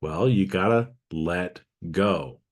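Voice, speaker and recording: Low-voiced man hosting a reflective podcast. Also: takes it slowly. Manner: conversational, frequent "okay?" check-ins with listeners. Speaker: podcast host. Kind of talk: casual reflective podcast monologue.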